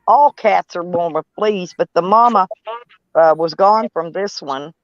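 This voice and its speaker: A woman's voice: fairly low pitch, unhurried, dry recording. A woman, chatting casually and rambling on a live stream. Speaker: van life live streamer. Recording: dull, dry lo-fi sound.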